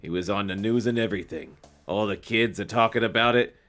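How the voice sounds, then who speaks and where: A man's voice: lowish voice, a little fast, fairly bright tone, faint music behind, voice pushed down, lightly acted. A man voicing a nervous teenage boy with a New York accent, reading a novel aloud with hesitant, mumbled lines. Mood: uneasy.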